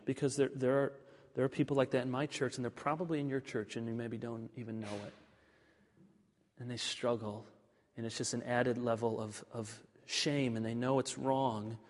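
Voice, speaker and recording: A male pastor preaching a sermon, moving from ringing, emphatic declarations to hushed, confiding asides. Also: medium pitch. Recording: long reverb of a large hall.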